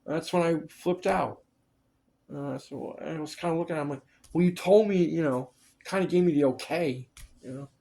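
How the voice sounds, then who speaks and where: A man's voice: on the high side, normal speed, vocal fry, warm tone. A man in casual chat, telling stories of film work, acting out the people he quotes and swearing freely. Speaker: storyteller recalling film work.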